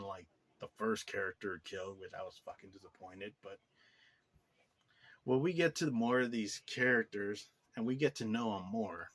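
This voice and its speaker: A man with a lowish voice gives a casual movie review on a recording with no echo. He rambles, leans heavily on "like" as a filler, and swears bluntly.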